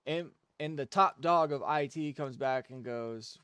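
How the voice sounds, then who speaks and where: A man's voice: mid-range voice, a little slow, few pauses, fairly bright tone, clean tone, dry recording. A young man, chatting casually on a game stream and venting profanely about work. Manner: profane, ranting, venting frustration. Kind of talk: casual gaming stream chat.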